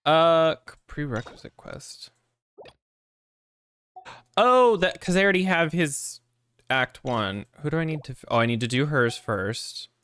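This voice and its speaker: A man's voice: a little high, lively intonation, unhurried, long pauses, fairly bright tone, smooth, dry recording. A man streaming a video game who talks casually, swears freely and trips over hard names. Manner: rambling, profane, stumbles over names. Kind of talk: casual gameplay commentary.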